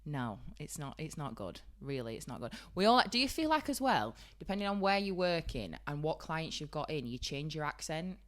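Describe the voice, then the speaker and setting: A woman's voice: sits low, sing-song, normal speed, hardly any pauses. A woman with a Yorkshire accent co-hosting a podcast in casual, giggly chat about the beauty trade. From Yorkshire, England. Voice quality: bubbly, giggly, chatty. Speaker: podcast co-host, beauty trainer.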